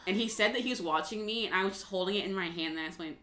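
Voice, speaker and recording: Woman, 20s, podcast co-host; quick, chatty, offhand; roomy sound. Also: medium pitch, a bit bright. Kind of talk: casual chat. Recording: roomy with faint background noise.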